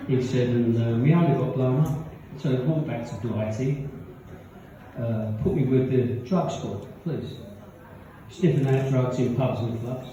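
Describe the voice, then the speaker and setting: A man's voice: medium pitch, mellow, a little hiss or hum. A man telling rambling stand-up jokes at a pub gig, laughing at his own punchlines. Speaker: stand-up comedian. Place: pub function room with live audience. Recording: echoey, distant, dull audience recording.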